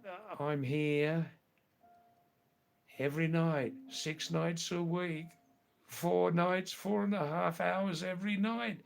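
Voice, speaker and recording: An older man with an Australian accent hosting a live stream, answering viewer messages one by one in an unhurried way and often repeating his words. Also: fairly high pitch, gravelly.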